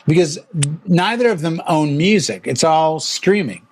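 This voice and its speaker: Middle-aged male host, slightly high voice, lively storyteller who acts out what others said. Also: a little slow. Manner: animated storyteller, acts out quotes. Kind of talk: casual chat.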